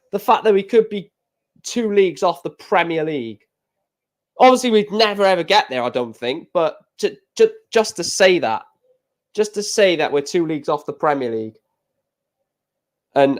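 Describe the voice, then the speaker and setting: A man chatting casually over a live darts stream, rambling and getting emotional about football. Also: fairly high pitch. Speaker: live stream reaction host. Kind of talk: casual live reaction commentary.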